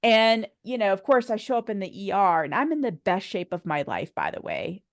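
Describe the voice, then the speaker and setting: A woman's voice: medium pitch, a little fast, no room sound, studio quality. A woman in her forties, a podcast guest telling a personal story in a conversational way, acting out what others said and laughing often. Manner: animated storyteller, acts out quoted dialogue, laughs often.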